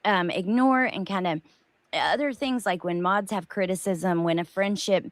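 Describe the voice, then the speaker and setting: A woman's voice: medium pitch, moderate pace, dry recording. A woman co-hosting a casual commentary chat, musing aloud in a loose, chatty way. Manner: chatty, thinks aloud with fillers and hedges. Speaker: co-host.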